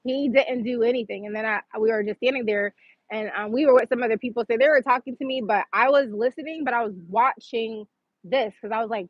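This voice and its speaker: A woman's voice: fairly high pitch, fairly quick, no echo, highs cut off. A woman hosting a livestream, telling a personal story in a casual, chatty way with lots of "like" fillers. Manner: chatty, filler-heavy with frequent "like". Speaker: livestream host.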